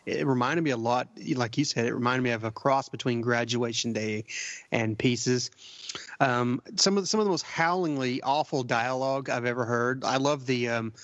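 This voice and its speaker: A man's voice: mid-range voice, moderate pace, a bit bright, no room sound. Jokey male co-host, dull recording. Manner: laughing, jokey. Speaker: podcast co-host, quizmaster. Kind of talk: casual chat. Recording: dull lo-fi dry podcast audio.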